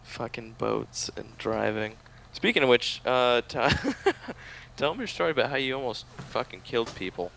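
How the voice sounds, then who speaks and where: A man's voice: mid-range voice, big pitch swings, moderate pace, creaky, a bit bright, a little hiss or hum. A man co-hosting a podcast in casual chat, talking loosely, swearing and laughing readily. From United States. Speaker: podcast co-host.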